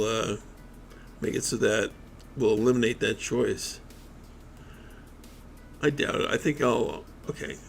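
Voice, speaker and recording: A man casually commenting on a game as he plays, reading its text aloud and thinking out loud in a hesitant way. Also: mid-range voice, vocal fry, a little hiss or hum. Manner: hesitant, thinking aloud with many ums and restarts. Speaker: let's play gamer.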